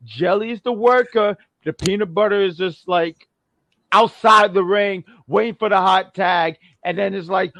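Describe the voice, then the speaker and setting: A man co-hosting a casual wrestling review podcast, rambling with many restarts and bursts of loud excitement. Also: sits high, normal speed, dry recording. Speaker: podcast co-host.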